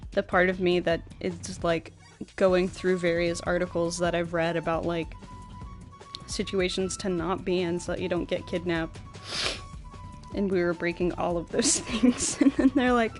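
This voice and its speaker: A woman's voice: on the low side, moderate pace, soft background music. A young woman streaming, chatting casually with her viewers, rambling and laughing often.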